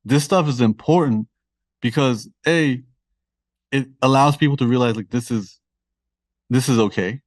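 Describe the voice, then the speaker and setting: A man's voice: medium pitch, normal speed, long pauses, no room sound, studio quality. A man with a Toronto accent, a guest author talking candidly and self-deprecatingly in a casual podcast interview.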